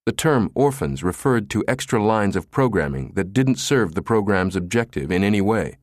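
A man narrating an audiobook thriller in a dramatic, expressive reading. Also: fairly low pitch, moderate pace, no echo, studio quality. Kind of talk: scripted narration.

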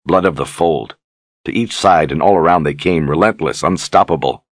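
A man reading a fantasy novel aloud in steady, measured scripted narration. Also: extremely low pitch, no echo. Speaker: audiobook narrator.

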